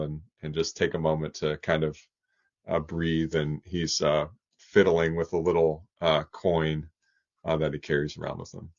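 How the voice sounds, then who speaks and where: A man playing a tabletop game who describes his character's actions haltingly with many fillers, on dull lo-fi audio. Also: very deep voice, darkish tone. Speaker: player.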